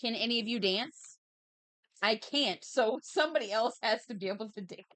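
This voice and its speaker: A woman's voice: fairly high pitch, lively intonation, moderate pace, a bit bright, no echo. A woman in her thirties hosting a livestream, chatting playfully and reading out chat messages while she draws. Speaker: livestream host.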